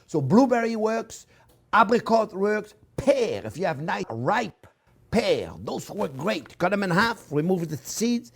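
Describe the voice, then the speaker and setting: A man's voice: high voice, very animated, a little slow, slightly rough. A man hosting a cooking show, effusive and crooning over his food in a casual demonstration. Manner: often drops to soft murmurs over the dish.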